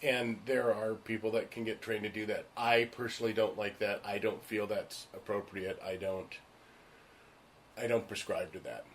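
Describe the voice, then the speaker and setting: Animated man telling actor stories. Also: on the low side, normal speed, slight background noise. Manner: animated, acts out the voices of people in his stories; frank and emphatic. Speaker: stage and screen actor. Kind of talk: casual storytelling chat.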